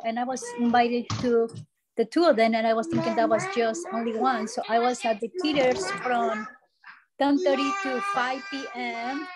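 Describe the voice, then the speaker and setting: A woman on a group call sharing a story in halting second-language English, often restarting her phrases. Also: a little high, background noise. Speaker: call participant.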